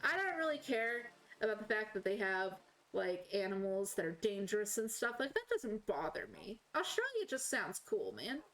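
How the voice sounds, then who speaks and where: A woman's voice: mid-range voice, sing-song, moderate pace, few pauses, a bit bright, poor audio. A woman with a slight Southern US accent, chatting casually and rambling as a game streamer. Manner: rambling, self-correcting, chatty. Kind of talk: casual chat while playing.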